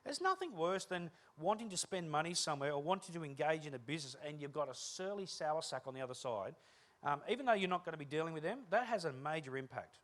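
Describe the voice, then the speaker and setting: Man, keynote speaker: high voice, rapid-fire self-deprecating stories with acted-out dialogue. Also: big pitch swings, a bit bright. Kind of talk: humorous keynote storytelling.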